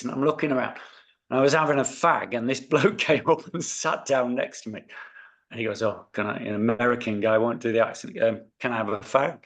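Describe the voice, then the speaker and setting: Guy on a podcast, average pitch, rambling anecdote with laughs and a bit of swearing. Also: vocal fry. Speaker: podcast co-host. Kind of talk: casual storytelling chat.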